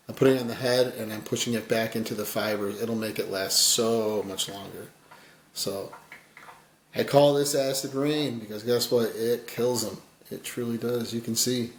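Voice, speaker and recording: A man giving a casual fly tying tutorial, rambling and folksy, his voice often dropping quiet as he works. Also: medium pitch, roomy sound, slight background noise.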